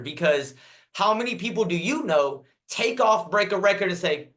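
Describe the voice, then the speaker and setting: A man in his thirties, a podcast guest telling a story in a casual, animated way, repeating himself and acting out what people said. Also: high-pitched, moderate pace.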